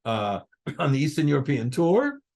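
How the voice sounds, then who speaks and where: A man's voice: on the high side, normal speed, gravelly. An older man, a guest drummer, telling stories in a casual interview and acting out what others said. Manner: animated, acts out other people's lines in his stories.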